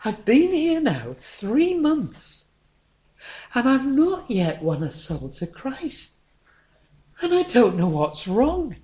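A man's voice: very high-pitched, wildly swooping pitch, warm tone, voice pushed up, exaggerated voice. A man voicing a frail old woman, pleading. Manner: slow, pleading. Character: frail elderly woman missionary, dying in hospital.

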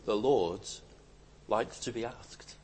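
A man preaching a sermon, swinging between loud emphatic declarations and quiet, hushed asides. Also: fairly low pitch, slow, slight background noise.

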